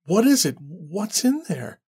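Anxious young woman, pleading then snapping, higher voice, man putting her on. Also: very animated, a little slow, breathy edge, heavily acted. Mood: angry. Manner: pleading, then sharp and demanding.

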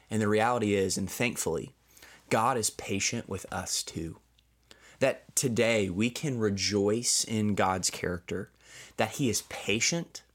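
A man giving a short devotional Bible teaching as a pastor, earnestly reading scripture aloud, explaining it and closing in prayer. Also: fairly low pitch. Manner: ends in spoken prayer.

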